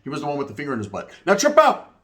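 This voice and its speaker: A man telling prison stories in a casual, animated, slang-heavy way. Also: on the high side. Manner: slangy, animated, rapid-fire. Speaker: storyteller recounting prison life. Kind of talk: casual storytelling.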